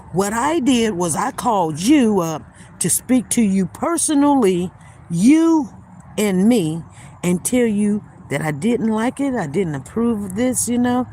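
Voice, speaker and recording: A woman's voice: mid-range voice, a little mellow, slight background noise. A woman hosting a livestream, telling a story emphatically and speaking straight to her viewers in a casual way. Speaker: livestream host.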